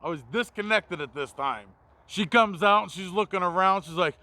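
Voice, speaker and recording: A man tells a confessional story in a blunt, self-mocking way and swears freely. His voice is high and bright with a rough, gravelly grain. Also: lively intonation, moderate pace, dry recording. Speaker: mobile mechanic and video host.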